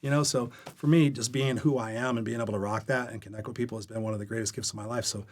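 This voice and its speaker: A man guesting on a podcast, talking at a rapid clip in a voice that is neither high nor low. He tells his stories with energy and candor. He slips into the other characters' lines as he recounts them. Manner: energetic, candid storyteller who acts out quoted dialogue. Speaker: guest coach. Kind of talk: storytelling interview chat. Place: podcast recording.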